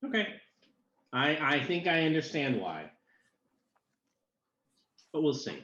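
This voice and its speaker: A man narrating as game master of a tabletop game, halting with many fillers. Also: a little high, sing-song, bright, forceful tone. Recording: echoey room, dull lo-fi sound.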